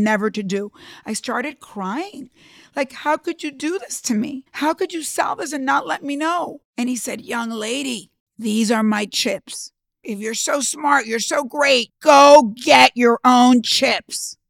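A woman's voice: fairly high pitch, dry recording, clean studio sound. A woman telling her own business story in an earnest, emphatic, conversational way. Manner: emphatic, earnest, conversational with quoted inner thoughts. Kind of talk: personal storytelling talk.

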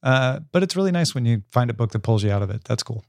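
A man's voice: medium pitch, animated, fast, creaky, darkish tone, no echo. A man co-hosting a casual book podcast with dry, teasing humor. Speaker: podcast co-host.

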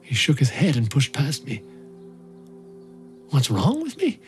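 A man's voice: mid-range voice, normal speed, natural voice. A haunted male rescue volunteer recounts his ordeal in a raw, intense first-person monologue, as an actor plays him. His voice sits in an ordinary middle range, and faint music runs beneath it. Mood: indignant. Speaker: narrator.

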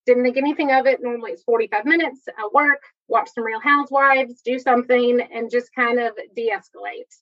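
A woman shares a personal story in a candid, chatty way, full of quick asides. Her voice sits a little high. The recording is dull and lo-fi. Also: steady tone. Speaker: guest sharing personal story.

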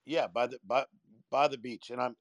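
An enthusiastic man heaps praise on the others in a casual chat. His voice sits at an ordinary middle pitch, and it sounds close and dry. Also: fairly even intonation, normal speed, no room sound, dull audio. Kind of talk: casual chat in an online audio room.

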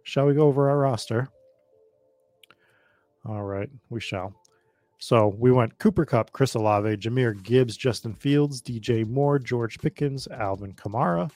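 A man hosting a casual fantasy football podcast, talking in an animated way as he rattles through player lists. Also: medium pitch, unhurried, dry recording, faint music behind. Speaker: podcast host.

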